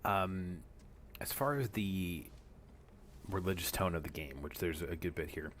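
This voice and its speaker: Low-voiced man rambling over gameplay. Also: unhurried, fairly bright tone, slight background noise. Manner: rambling, many fillers and asides. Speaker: streamer. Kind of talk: casual gameplay commentary.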